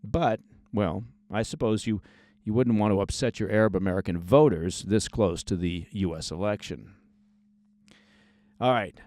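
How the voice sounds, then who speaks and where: A man's voice: fairly low pitch, moderate pace, pauses often, a little mellow, dry recording. A man hosting a scripted news briefing, reading the stories in a conversational way with short asides and stressed key words. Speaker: news podcast host.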